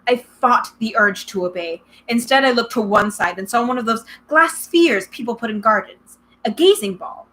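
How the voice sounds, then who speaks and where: Bright-voiced woman reading a story aloud. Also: on the high side, poor audio. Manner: expressive, dramatic first-person narration. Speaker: reader.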